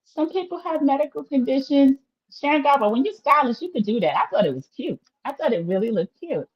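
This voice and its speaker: A woman's voice: sits high, sing-song, fairly quick, lo-fi sound. A woman hosting a casual livestream recap of a reality show, chatty and opinionated, talking straight to her viewers.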